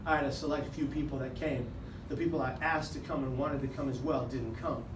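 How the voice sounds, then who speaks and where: A man telling a comic personal story to a live audience, acting out other people's voices and shouting some lines. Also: mid-range voice, fairly even intonation, fairly quick. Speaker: speaker. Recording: echoey hall with noise, mic far off.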